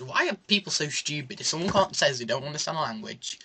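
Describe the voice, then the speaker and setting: A man's voice: on the high side, fast talker, few pauses, a little hiss or hum. A young man telling a story in a casual vlog, ranting sarcastically about a bus trip. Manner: animated, sarcastic ranting with mock French asides. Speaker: vlogger.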